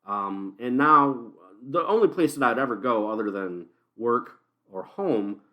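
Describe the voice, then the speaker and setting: Animated ranting male podcast host. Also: medium pitch, unhurried, dull audio. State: tipsy from beer. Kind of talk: solo podcast monologue.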